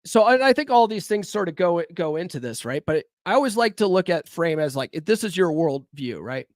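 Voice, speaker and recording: A fairly quick, sing-song, high-pitched man hosts a solo podcast on dating and self-improvement, captured in a dry, clean studio recording. His style is casual, blunt and profane. He challenges listeners directly, firing rhetorical questions and asking "right?" again and again.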